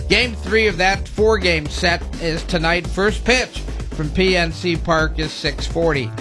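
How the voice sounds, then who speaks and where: High-voiced male sports radio host. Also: a little slow, music in the background. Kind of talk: radio sports news read.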